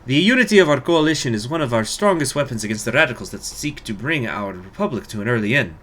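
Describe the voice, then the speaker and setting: A man's voice: mid-range voice, expressive, fast, a bit bright. A man putting on a grand Russian stateswoman. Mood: solemn. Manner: grandiose speechmaking with a wavering accent. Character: female Russian politician giving a speech.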